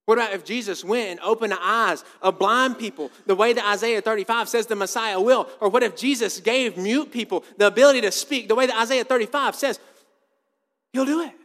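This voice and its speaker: A man's voice: high voice, a little fast, a bit bright. A man preaching a sermon as a pastor, casual and conversational, often repeating his words. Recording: long reverb of a church hall.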